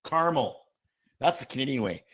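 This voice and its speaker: A man's voice: mid-range voice, animated, normal speed, a bit bright, slight background noise. A man who is a doctor co-hosting a casual chat show, playful and teasing. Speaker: doctor, co-host.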